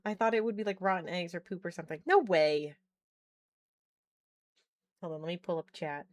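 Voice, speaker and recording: A young woman chatting casually on a live stream from her bedroom, excitable, swearing and trailing off mid-sentence. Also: lowish voice, moderate pace, dry recording. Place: home bedroom.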